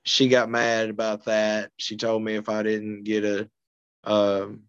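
A man's voice: fairly low pitch, completely flat delivery, measured pace, clean tone, no room sound, highs cut off. A man from Arkansas, a podcast guest telling stories in an easygoing way and chuckling between points. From Arkansas, USA. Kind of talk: casual storytelling chat.

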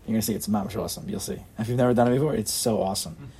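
A man giving a lively class on faith, emphatic and passionate, often firing rhetorical questions at his listeners and bursting into loud urging. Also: on the low side, racing, a little hiss or hum. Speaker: Torah teacher giving a class.

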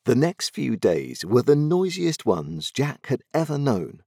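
A man narrating a story aloud in an expressive, dramatic storytelling manner. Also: medium pitch, measured pace, vocal fry, husky, no echo, studio quality.

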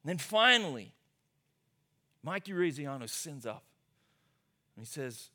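A man preaching a sermon as a pastor, telling stories in an animated, conversational way. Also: a little high, measured pace, pauses often.

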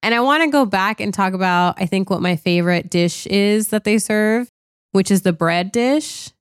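A woman's voice: mid-range voice, normal speed, smooth, dry recording, studio quality. A young woman chatting casually about a film, laughing often and acting out lines. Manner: chatty, laughs often, acts out quotes with a swear. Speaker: podcast co-host. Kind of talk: casual chat reviewing a film.

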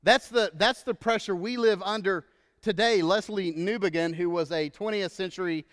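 A male pastor preaching a sermon in a relaxed, storytelling way, often checking in with "right?". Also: high voice, moderate pace, big-room sound.

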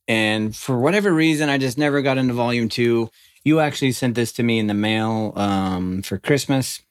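A man's voice: medium pitch, moderate pace, clear, resonant tone, no room sound, studio quality. Laid-back man rambling about comics. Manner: rambling, lots of fillers. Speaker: podcast co-host. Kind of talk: casual chat.

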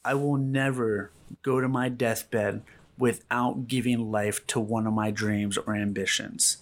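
Earnest motivational podcast host. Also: male voice, fairly low pitch, steady tone, a little slow. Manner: earnest, motivational, acts out quotes. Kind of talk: casual podcast chat.

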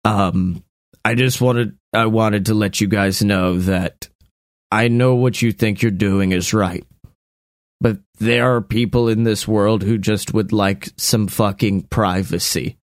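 A man's voice: on the low side, steady tone, slow pace, dry recording, clean studio sound. A man doing a weary, pleading Bigfoot.

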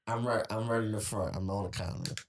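Podcast host, male, mid pitch, storytelling chat, roomy echo. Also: fairly even intonation, fast talker. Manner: storytelling, sets up scenarios with role-play. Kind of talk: casual chat.

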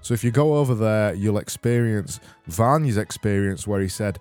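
Casting note: dry-witted male podcast host, mellow low voice, rambling deadpan delivery, faint music under. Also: normal speed, hardly any pauses, smooth. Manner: deadpan, rambling sarcastic humor. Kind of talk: casual solo podcast, reading listener messages.

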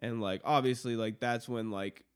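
A man's voice: mid-range voice, steady tone, normal speed, clean tone. A man hosting a podcast in casual chat, rambling, swearing freely and often laughing at his own stories. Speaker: podcast host. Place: studio.

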